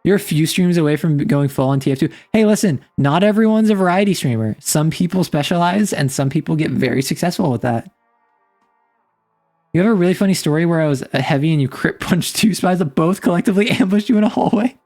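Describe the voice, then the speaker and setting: A woman's voice: fairly low pitch, expressive, fast, a little mellow, faint music behind. Playful, giggly woman streamer. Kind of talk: casual live-stream chat.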